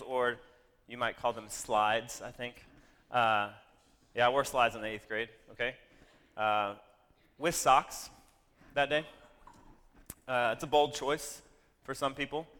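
A man telling a personal story to an audience, animated and full of self-deprecating asides. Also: mid-range voice, unhurried, pauses often, smooth, big-room sound.

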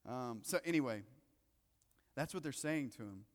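A male pastor preaching a sermon in a casual, joking way, swinging between loud excitement and hushed asides. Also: mid-range voice, normal speed. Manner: conversational, joking. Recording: long reverb of a large hall.

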